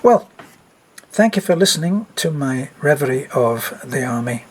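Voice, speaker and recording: A man's voice: mid-range voice, lively intonation, normal speed, a little hiss or hum. An older man vlogging about expat life, casually retelling a friend's embarrassing story with lots of quoted speech and wry humor.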